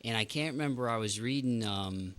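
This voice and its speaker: A man's voice: mid-range voice, a little fast, fairly bright tone, no room sound. A man hosting a podcast, in casual playful chat with a friend. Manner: playful, jokey, slips into silly voices. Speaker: podcast host.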